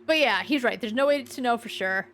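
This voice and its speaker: A woman's voice: on the high side, a little fast, a bit bright, a little hiss or hum. A woman streaming a game, chatting casually and musing aloud with lots of filler words. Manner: reads game dialogue aloud. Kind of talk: casual let's-play commentary.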